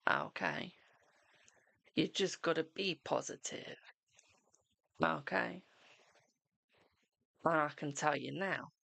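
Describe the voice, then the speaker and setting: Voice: mid-range voice, creaky, fairly bright tone. A host giving live-streamed tarot readings in a chatty, reassuring way, calling viewers darling.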